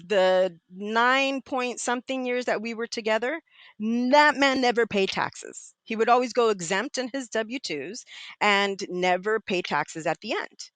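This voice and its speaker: A middle-aged woman with a bright, forceful voice, recorded close and dry. She tells her own story candidly and with animation, slipping into the voices of the people she quotes. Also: fairly high pitch, measured pace, no echo. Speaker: podcast guest.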